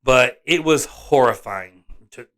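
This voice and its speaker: A man, a father and vlog host, telling a personal story in an animated, rambling way, often restarting and correcting himself. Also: medium pitch, slow pace, crowd noise. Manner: excitable, rambling, frequent restarts and self-corrections.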